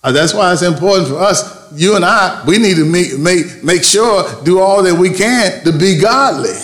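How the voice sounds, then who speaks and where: A male pastor delivers a sermon with a high-pitched voice. He leans on call-and-response and slows down to stretch out the words he wants to land. The recording rings with the echo of a church sanctuary. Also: animated, a bit bright. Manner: preaching with call-and-response, drawn-out emphasis.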